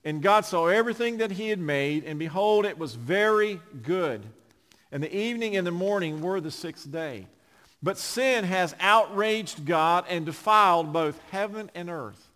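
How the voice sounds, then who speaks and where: Preaching an impassioned sermon at a measured pace, a male pastor with a high-pitched voice is animated, swinging from loud, big emphases down to quiet, low phrases. A long reverb carries his words through the church sanctuary.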